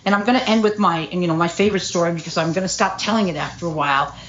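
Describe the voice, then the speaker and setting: A woman's voice: lowish voice, very fast, a bit bright, muffled recording. A middle-aged woman speaking at a recovery meeting, telling her story candidly with lots of fillers. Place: meeting room.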